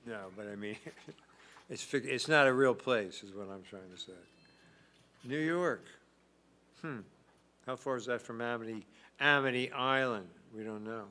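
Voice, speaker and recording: A man's voice: mid-range voice, measured pace, long pauses, bright, forceful tone. Guy hosting a trivia stream, reads questions, cracks dry little jokes. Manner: wry, reads questions and adds asides. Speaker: trivia host.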